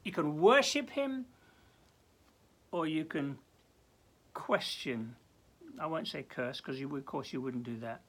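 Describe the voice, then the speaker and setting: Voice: medium pitch, expressive, slow pace, pauses often, a bit bright. A minister giving a short devotional talk, speaking earnestly with many stammered restarts and acting out prayers with rising intensity. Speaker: church minister.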